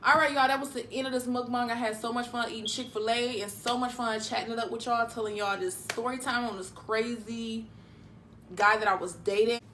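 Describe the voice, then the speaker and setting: A young woman from Detroit, USA, chats as a mukbang vlogger, telling a casual story while she eats. Her higher, slightly bright voice keeps a steady tone and a fairly quick pace, loose and full of "like" fillers, with slight background noise.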